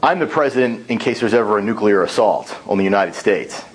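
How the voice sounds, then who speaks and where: A man's voice: on the low side, animated, a little fast, slight background noise, natural voice, poor audio. A man doing a stern shadow president. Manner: stern, long-winded. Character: stern, self-important male underground shadow president.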